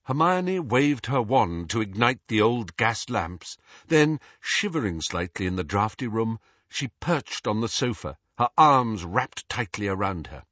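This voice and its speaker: A man reads an audiobook with expressive storytelling and voices for each character. His pitch moves a lot and his tone is husky. The recording is dry and a little muffled. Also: dry recording. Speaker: audiobook narrator. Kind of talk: scripted narration. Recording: dull, muffled audiobook sound.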